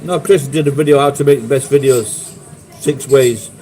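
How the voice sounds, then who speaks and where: A man's voice: medium pitch, normal speed, mellow, poor audio. Sweary Sheffield man telling stories. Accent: Sheffield English. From England. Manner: rambling, sweary storytelling. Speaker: livestream host. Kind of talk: casual live chat.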